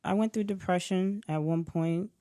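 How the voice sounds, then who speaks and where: A woman in her forties talks openly on a podcast and tells a personal story with feeling. Her voice sits low, and the sound is dry and close. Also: normal speed, dark tone, smooth, no echo. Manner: candid, emotional storytelling with many fillers. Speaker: podcast co-host. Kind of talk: casual chat.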